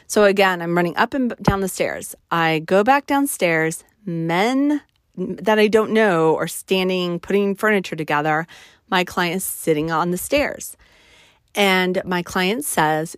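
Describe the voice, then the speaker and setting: A professional organizer telling a story in a casual, animated way, acting out the dialogue with indignation. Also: female voice, mid-range voice, unhurried, no echo, clean studio sound.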